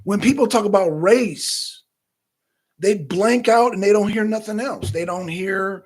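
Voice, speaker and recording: A man hosting a talk show, giving casual, animated political commentary that rambles and repeats itself. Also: sits high, unhurried.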